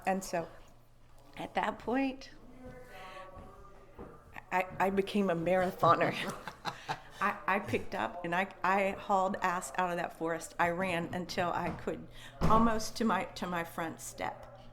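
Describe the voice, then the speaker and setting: A woman's voice: lowish voice, fairly even intonation, unhurried, long pauses, noisy background. A woman at a conference telling an eerie first-person story with emotion, repeating and restarting words and acting out her own thoughts. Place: conference venue.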